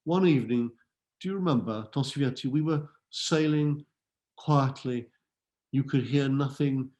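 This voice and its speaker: A man's voice: mid-range voice, a little mellow. A man giving a school talk on French literature, reading French verse and translating it line by line, lifting his voice on the verse. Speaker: literature lecturer. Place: school event hall.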